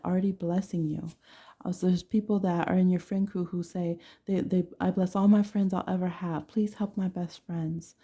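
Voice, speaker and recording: A woman with a fairly low, warm voice gives a casual tarot reading to camera. She talks bluntly and playfully and laughs often.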